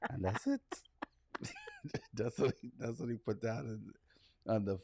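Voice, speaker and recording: Middle-aged male podcast co-host, casual and laughing, unhurried with a very animated voice. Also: lowish voice, husky, dry recording. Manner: laughs often, lively delivery. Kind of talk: casual chat.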